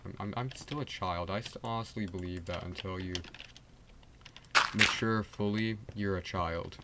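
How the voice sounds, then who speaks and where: Teen guy streaming a game, low voice, rambly with lots of you know and like, loud noise behind. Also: normal speed. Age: teens. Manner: rambling, full of fillers and restarts. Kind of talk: rambling gameplay livestream chat.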